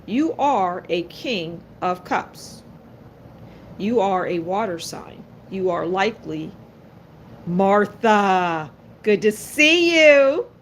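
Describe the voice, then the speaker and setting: Slow-talking blunt woman tarot reader. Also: medium pitch, a little hiss or hum. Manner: blunt, sassy, talks straight to viewers. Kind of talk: live-stream tarot reading.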